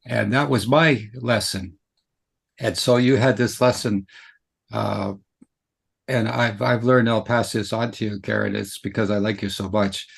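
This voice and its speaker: A man hosting an interview, chatty and quick to jump in with his own stories. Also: on the low side, steady tone, vocal fry, husky. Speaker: podcast host. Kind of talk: casual interview chat.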